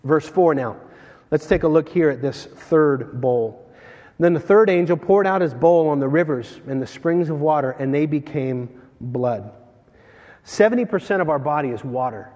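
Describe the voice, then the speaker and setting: Animated preacher in an echoing hall. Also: male voice, on the high side, moderate pace, muffled recording. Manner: animated, jokey storytelling between readings. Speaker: pastor. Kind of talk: sermon. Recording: long hall reverb.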